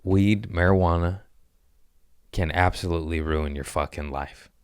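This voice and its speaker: A man's voice: low-pitched, a little slow, clean tone, no echo, studio quality. A man in his thirties hosting a comedy podcast, telling crude stories in a casual, profane way and acting out the voices in them. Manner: profane, animated storyteller who acts out voices.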